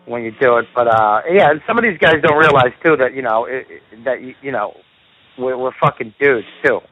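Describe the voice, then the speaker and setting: A man's voice: medium pitch, fairly quick, dry recording, phone-quality sound. A male stand-up comedian ranting heatedly on a call, swearing constantly. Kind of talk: profane phone chat.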